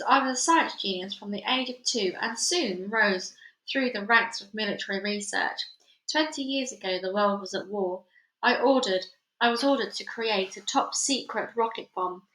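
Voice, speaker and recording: Woman putting on a sinister old German-accented mad scientist, sneering, cold, bright tone, echoey room. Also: medium pitch, lightly acted.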